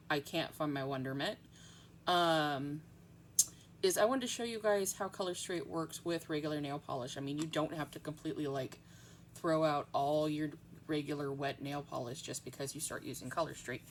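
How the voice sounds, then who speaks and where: A rambling, chatty woman with a somewhat low voice talks her way through a home tutorial, full of ums. A faint hum of background noise sits under her. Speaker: nail art tutorial host. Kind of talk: casual tutorial chat.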